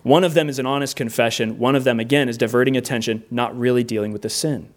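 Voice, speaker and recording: A man's voice: mid-range voice, fairly even intonation, quick pace. A middle-aged man preaching a sermon, earnest and plainspoken, with rhetorical questions. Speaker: pastor.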